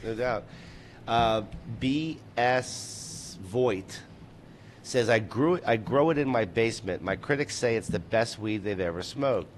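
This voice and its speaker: A man's voice: mid-range voice, expressive, slow, slight background noise. A man hosting a casual late-night show, reading out viewer comments and chatting loosely with plenty of swearing.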